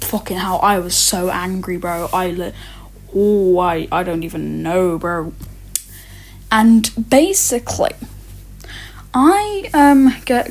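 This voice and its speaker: A teenager telling stories in a rambling rant, swearing often and stumbling over many fillers and restarts. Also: mid-range voice. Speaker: vlogger. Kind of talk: ranting storytime.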